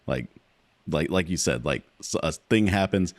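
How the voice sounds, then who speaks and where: A man on a podcast with a very deep voice, recorded close and dry. He chats casually, speaking in a measured way with a wry edge. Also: lively intonation, no room sound. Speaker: podcast co-host.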